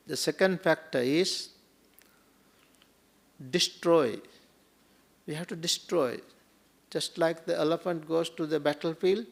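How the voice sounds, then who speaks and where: A Buddhist monk giving a sermon, teaching slowly and repetitively, asking rhetorical questions and adding a questioning "hmm?". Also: male voice, on the high side, vocal fry.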